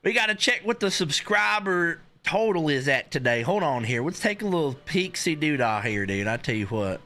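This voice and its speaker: A man's voice: a little high, sing-song, normal speed, sharp tone. A young man hosting a live stream in casual chat, hyped and rambling, with lots of filler words.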